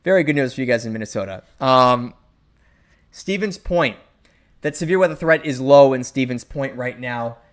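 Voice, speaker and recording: A man's voice: mid-range voice, moderate pace. Chatty young man doing live weather. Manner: chatty, loose, many fillers and asides. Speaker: meteorologist livestream host.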